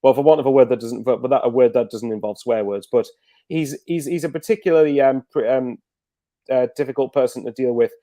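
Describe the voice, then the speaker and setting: Guy rambling fast about football, lots of ums, warm darkish voice, dry close sound. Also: medium pitch, no echo. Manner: rambling, many fillers and restarts. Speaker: guest football fan. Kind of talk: casual video call chat.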